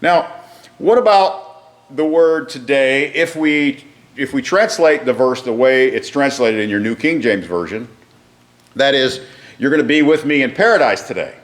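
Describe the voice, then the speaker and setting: A man's voice: medium pitch, expressive, unhurried. Guy teaching a bible class, explains stuff, keeps asking the room questions.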